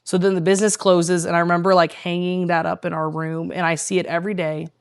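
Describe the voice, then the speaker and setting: A woman's voice: lowish voice, level tone, quick pace, clean tone. A woman guest telling a heartfelt personal story in casual conversation, earnest and rambling with lots of fillers. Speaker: guest, tea room owner.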